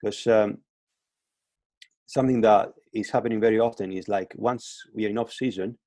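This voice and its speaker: Low, mellow man on a remote call. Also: fairly even intonation, moderate pace, no echo. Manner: hesitant, many restarts and repeated words. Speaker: guest fitness coach. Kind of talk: casual podcast interview. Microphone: remote call, line breaking up.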